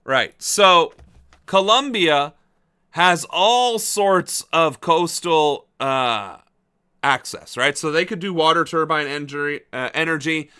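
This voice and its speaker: A man riffing on a political livestream in loose commentary. His voice sits slightly high and rings bright and forceful. He is sarcastic and incredulous and swears freely. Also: takes it slowly, clean tone.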